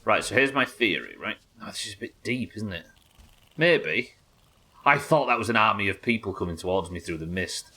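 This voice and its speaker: A man's voice: fairly low pitch, lively intonation, normal speed, pushed and bright, husky. A British man giving casual, chatty, sweary commentary while he plays and builds in a game. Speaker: game streamer. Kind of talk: casual let's-play commentary.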